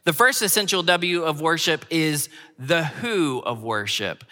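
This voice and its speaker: A man's voice: high-pitched, animated, normal speed, hardly any pauses, bright, forceful tone, long reverb tail. A man preaching a sermon as pastor, earnestly repeating key phrases for emphasis.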